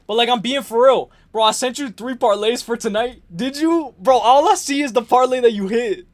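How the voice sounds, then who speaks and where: A man hosting a live stream, ranting and joking in an excitable, profane way while reading viewer comments. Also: extremely high pitch, normal speed.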